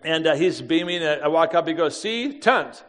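Animated storytelling man in a large hall. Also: fairly high pitch, brisk. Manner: lively, acts out quoted voices, laughs often. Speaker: speaker telling a personal story. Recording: long hall reverb.

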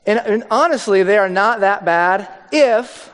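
A man's voice: sits high, measured pace, fairly bright tone, in a large hall. A male pastor giving a conversational, joking sermon.

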